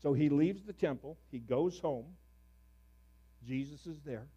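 A middle-aged male pastor preaching a sermon with a fairly high voice. He tells stories in an easy way and breaks into sudden loud, animated bursts. His voice leaps up in pitch when he gets excited. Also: unhurried, breathy edge, dull audio.

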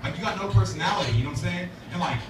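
This stand-up comic's voice sits high, with lively intonation and a rapid-fire delivery. He's performing at an open mic in a laundromat café venue, rambling loosely and profanely with many fillers. Room chatter and audience laughter fill the background of a distant, noisy, roomy live recording.

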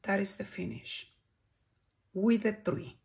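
A woman from Chile with a Chilean Spanish accent, reviewing beauty products in an unhurried way and dropping to soft whispers when she admires something. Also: mid-range voice, fairly even intonation, creaky. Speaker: beauty vlogger.

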